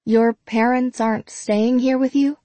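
A woman's voice: a little high, fairly even intonation, measured pace, mellow, dry recording, voice pushed up, lightly acted. A woman reading the lines of an observant teenage girl who asks probing questions. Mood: curious.

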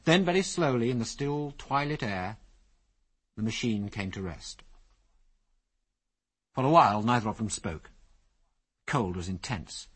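A man narrating an adventure story as an audiobook, with lively, expressive storytelling. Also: medium pitch, unhurried, long pauses, breathy edge.

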